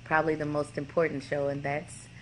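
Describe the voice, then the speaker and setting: A young woman thanking her fans in a tearful, halting way, with restarts and soft laughs. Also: deep voice, level tone, noisy background. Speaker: singing contestant addressing fans. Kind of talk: emotional thank-you video to fans.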